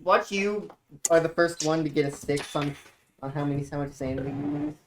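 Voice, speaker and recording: Playful low-voiced woman game master. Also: animated, brisk, noisy background. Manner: playful, laughs often. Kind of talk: running a tabletop horror game.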